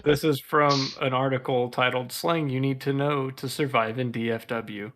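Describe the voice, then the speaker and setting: A young man, co-hosting a casual podcast, opinionated and swearing, quick to laugh. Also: mid-range voice, fairly even intonation, a bit bright. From Texas. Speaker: podcast co-host. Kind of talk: casual chat.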